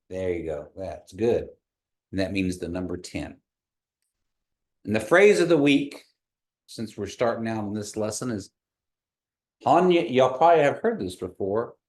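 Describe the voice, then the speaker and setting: A man teaching an online language class over a video call, patiently repeating words slowly for learners. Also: lowish voice.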